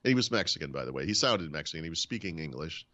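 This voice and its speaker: Podcast host, male, low and very expressive, chatty storyteller who does the voices, slightly muffled audio. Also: racing. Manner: animated storyteller, acts out quoted dialogue. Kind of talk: casual chat, storytelling.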